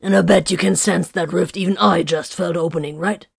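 Lady reading a growly deadpan priest guy in armor, low and dry, no room sound. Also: a little fast, gravelly, breathy edge, no echo, full character voice. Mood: gruff. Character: gruff flat-spoken male battle priest.

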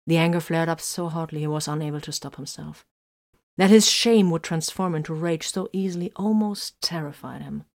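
Woman narrator, low voice, steady audiobook reading. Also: moderate pace.

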